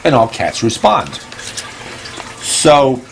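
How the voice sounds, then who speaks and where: A man with a middle-pitched voice hosts a loose, joking monologue. He stumbles through ums and restarts, keeps a playful deadpan, and now and then jumps into a high-pitched exclamation. Faint background noise and running water sit behind him. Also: takes it slowly, creaky. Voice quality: hesitant, full of ums and restarts. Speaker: host. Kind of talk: casual rambling comedy monologue.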